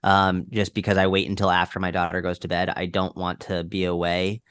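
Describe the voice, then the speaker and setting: A man's voice: low-pitched, flat delivery, brisk, fairly bright tone, clean tone, dry recording. A young adult man chatting as a podcast guest, rambling with lots of "like" fillers. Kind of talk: casual conversational storytelling.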